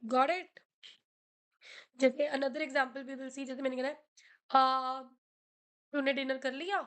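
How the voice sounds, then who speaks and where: Brief: Indian woman, French teacher, high voice, slow patient explanations. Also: level tone, fairly bright tone. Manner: slow, explanatory, switching between English, French and Hindi. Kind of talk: classroom lesson.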